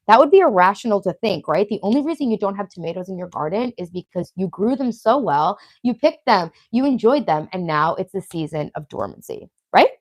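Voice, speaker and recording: A woman's voice: medium pitch, lively intonation, brisk, few pauses, no room sound. Chatty Long Island woman livestreaming. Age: 30s. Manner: chatty, profane, reads viewer comments aloud. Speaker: livestream host. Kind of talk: casual live stream chat.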